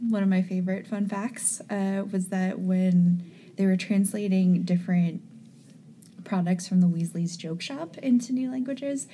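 Mellow-voiced woman podcast co-host. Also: mid-range voice, measured pace, a little hiss or hum. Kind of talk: scripted podcast banter.

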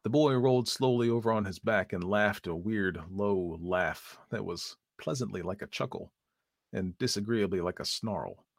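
A man reading a story aloud as narrator in a measured, even manner. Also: on the low side, gravelly, no room sound, clean studio sound.

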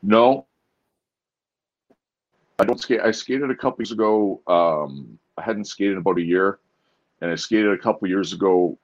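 Very deep-voiced laid-back Canadian man. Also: moderate pace, pauses often, lo-fi sound. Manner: laid-back, storytelling, says dude. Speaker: guest, former pro hockey player. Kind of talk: casual interview chat.

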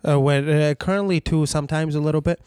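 Dry-voiced joking man, slightly high. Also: fairly even intonation, fast talker, clean tone, no room sound. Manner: dry, dark joking with voice-switching asides. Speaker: guest, voiceover actor. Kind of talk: casual podcast chat.

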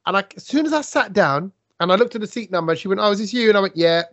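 A man's voice: sits high, expressive, rapid-fire, a bit bright, no echo. A man, co-hosting a casual chat, telling stories and acting out his own lines with big jumps in emphasis. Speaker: podcast co-host. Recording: dull lo-fi sound, dry.

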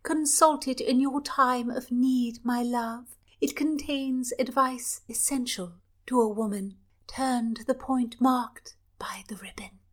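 A woman's voice: sits high, steady tone, voice pushed up. A woman doing a cooing, flighty young princess. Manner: cooing, dreamy, drawn-out delivery.

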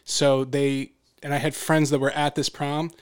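Male podcast host, smooth and resonant, rambling and easygoing. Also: on the high side, flat delivery. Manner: chatty, rambling, quick to laugh. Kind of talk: casual podcast conversation.

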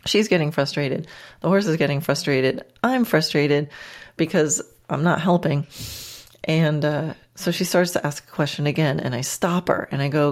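A woman's voice: sits low, animated, unhurried, a little mellow. A woman podcast host and riding instructor telling a casual, chatty story with self-deprecating humor and frequent laughs.

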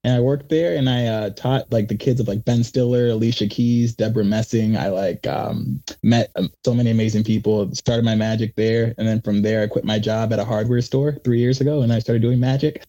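A young man, a magician, telling rambling, animated stories in a casual interview and acting out quotes. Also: on the low side, brisk, few pauses. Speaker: magician guest.

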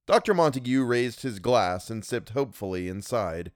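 Man narrating a novel, lively pitch, measured, dry close sound. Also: dry recording. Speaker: audiobook reader. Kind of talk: scripted narration.

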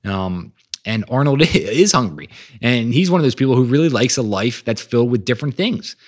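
A man's voice: medium pitch, animated, normal speed. A man hosting a podcast, talking with energy and emphasis about growth mindset and reading quotes aloud. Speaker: podcast host. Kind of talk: motivational monologue.

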